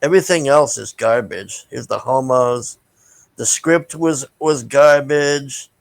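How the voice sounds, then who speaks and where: A man's voice: medium pitch, slow, gravelly, dry recording, poor audio. A man giving a casual, rambling movie review, blunt and profane, with lots of fillers and restarts. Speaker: vlogger reviewing a film.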